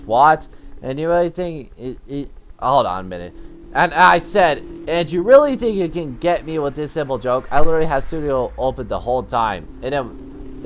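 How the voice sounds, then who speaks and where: A teenage boy narrates a long online argument in a casual, rambling way and reads out each chat message in turn. He stumbles and restarts often and swaps in "you know what" for every swear word. His pitch sits in the middle range for a young man, with faint music playing behind him. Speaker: channel host. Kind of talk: casual storytelling, reading chat messages aloud.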